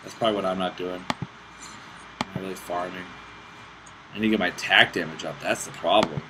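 A man's voice: sits low, fairly quick. A man giving casual gameplay commentary as host of his gaming channel, frustrated and cursing at the game. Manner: frustrated, swearing and muttering at the game. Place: hot room at home. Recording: noisy home recording with clicks.

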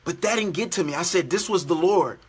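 A man's voice: high-pitched, fairly quick, breathy edge. A man preaching a daily devotional sermon, earnest and repetitive in his exhortations.

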